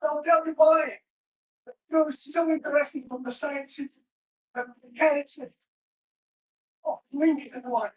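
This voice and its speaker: A woman's voice: sits high, steady tone, moderate pace, long pauses, a little mellow. A woman teaching self-defense in a live class, giving short commands while she demonstrates moves. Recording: roomy echo from far off.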